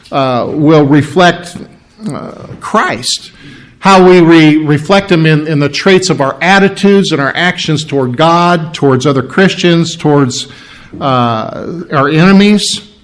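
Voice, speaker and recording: A man preaching a sermon, with a halting delivery full of restarts and frequent throat clearing. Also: a little high. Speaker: pastor.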